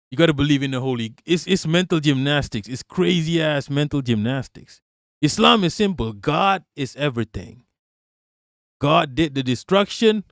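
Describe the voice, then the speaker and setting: A man's voice: on the high side, gravelly, fairly bright tone, no room sound, clean studio sound. Blunt, profane male streamer. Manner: blunt and profane, reacting to chat with laughter. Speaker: livestream host. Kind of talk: casual political livestream chat.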